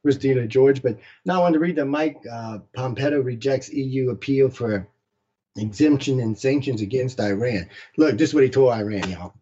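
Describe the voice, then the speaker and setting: A man's voice: medium pitch, moderate pace, dark tone, muffled recording. A man co-hosting a casual talk stream, blunt and rambling, often laughing at his own remarks. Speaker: co-host. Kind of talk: casual chat.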